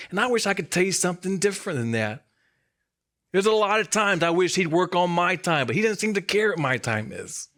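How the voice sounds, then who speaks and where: A male preacher delivers a sermon in a somewhat high-pitched voice. He keeps it conversational, hammering key lines by saying them twice and slipping in easy jokes. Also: fairly bright tone. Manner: conversational and emphatic, repeats key lines, light humor. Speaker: student ministry coordinator, preaching.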